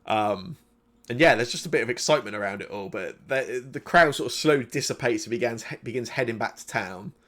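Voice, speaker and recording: Male game master, mid-pitched, casual halting narration for a tabletop session. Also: fairly bright tone. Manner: loose, hesitant narration with many fillers.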